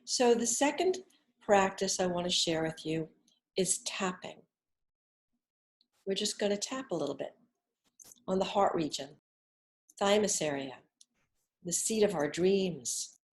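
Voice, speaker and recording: A middle-aged woman leading a gentle guided relaxation lesson, speaking softly and soothingly, with whispered exhales between instructions. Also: lowish voice, lively intonation, a little slow, long pauses. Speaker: wellness instructor.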